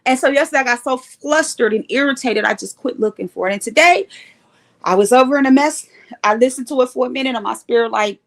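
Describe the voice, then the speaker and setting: A woman hosting a casual live stream, telling a story in an animated, emphatic way. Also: high voice, fast, gravelly. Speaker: livestream host sharing recovery story.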